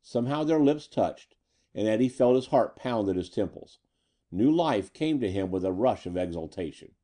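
A man narrating a pulp story in an expressive, dramatic reading. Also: lowish voice, moderate pace. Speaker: audiobook narrator.

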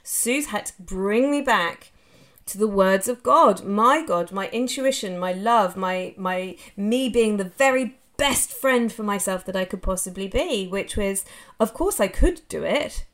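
A woman's voice: medium pitch, measured pace. Candid, swearing Australian woman. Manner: candid and animated, swears freely; rambling, tumbling run-on sentences. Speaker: podcast host. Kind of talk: casual solo monologue, live-streamed. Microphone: phone, live on social media.

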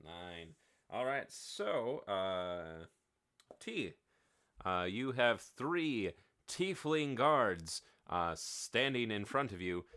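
A man hosting a tabletop role-playing show, giving announcements and narrating as game master in a relaxed way with many filler words. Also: fairly low pitch, extremely slow, dry recording, studio quality.

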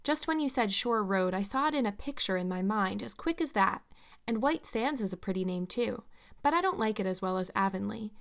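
A woman's voice: mid-range voice, lively intonation, a little fast, gravelly. A woman voicing an eleven-year-old orphan girl who talks eagerly and dreamily in a storybook reading.

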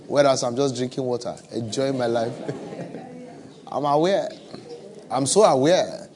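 A man with a West African accent preaches to a church audience, both live and online, in a conversational, humorous way. He repeats phrases for emphasis, and his mid-range voice is a little mellow.

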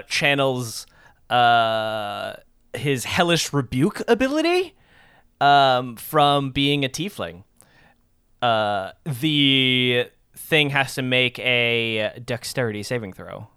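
A tabletop game player who thinks out loud with "um" and gets excited over dice rolls. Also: medium pitch, slow, clear, resonant tone, no echo, clean studio sound. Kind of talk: casual tabletop game chat.

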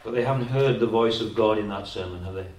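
Preaching fast in a lowish, somewhat mellow voice, a Welsh-accented pastor hammers his message with repeated words and rhetorical tag questions. His sermon was captured in an echoey hall on a far-off microphone.

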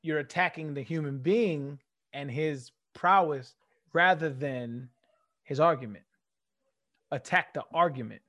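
A man from California with a fairly high voice tells a story as a podcast guest. He talks loosely and with energy, and he acts out the quotes in his stories. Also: measured pace, pauses often, fairly bright tone. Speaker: guest, former athlete. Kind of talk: casual interview storytelling.

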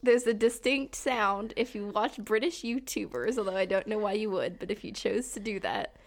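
A woman co-hosting a podcast in casual comedic chat, teasing and deadpan, laughing often. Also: medium pitch, moderate pace. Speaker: podcast co-host.

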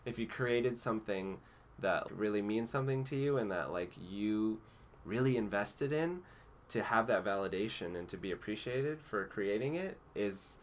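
A man's voice: on the low side, expressive, normal speed, a little hiss or hum. A man being interviewed as an actor, chatting casually, laughing often and rambling with fillers. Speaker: actor guest.

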